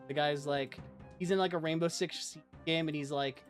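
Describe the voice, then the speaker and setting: With a fairly high voice at normal speed, a streamer rambles through lively stories in casual chat, packing his speech with "like." Faint music sits in the background.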